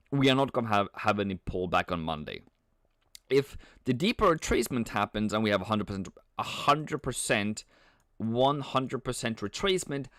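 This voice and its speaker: A man hosting a live trading stream, talking casually and playfully as he answers chat with frequent halting restarts. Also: mid-range voice, a bit bright, smooth, no room sound, studio quality. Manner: chuckles often, halting restarts. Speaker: trading livestream host. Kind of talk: casual live market commentary.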